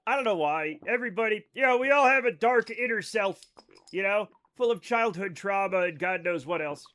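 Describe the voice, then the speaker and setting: A man's voice: high-pitched, lively intonation, fairly quick, fairly bright tone, clear, resonant tone. A man livestreaming a game, chatting casually with his viewers in a rambling, self-interrupting way, swearing now and then. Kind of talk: casual live-stream commentary to chat.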